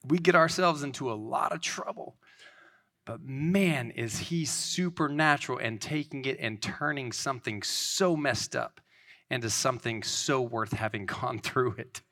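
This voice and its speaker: A man in his thirties preaches in a loose, conversational way. His voice is bright and clear, and his delivery is earnest and rambling, full of restarts. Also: medium pitch, unhurried. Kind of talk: informal sermon.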